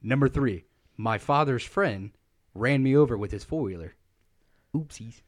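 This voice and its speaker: A man's voice: medium pitch, lively intonation, measured pace. A young man in casual chat with friends, teasing and running the rounds of a party game. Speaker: game player.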